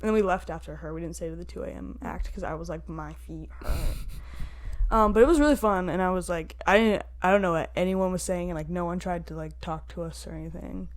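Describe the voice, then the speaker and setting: A woman's voice: fairly low pitch, a little fast. A young woman co-hosting a podcast, telling a story in casual chat with lots of fillers and acted-out quotes. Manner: chatty storytelling with many fillers, acts out quotes. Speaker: podcast co-host.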